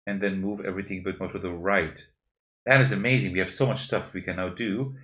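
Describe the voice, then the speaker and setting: Male board game host, lowish voice, solo playthrough commentary, walks through every move as he moves the pieces. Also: steady tone, fast, a bit bright. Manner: explains each move step by step while handling pieces.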